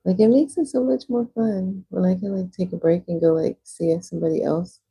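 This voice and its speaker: A woman's voice: fairly low pitch, fairly even intonation, fairly quick, vocal fry, warm tone, breathy edge, poor audio. A young woman livestreaming, chatting casually while she paints, rambling with lots of "like" fillers.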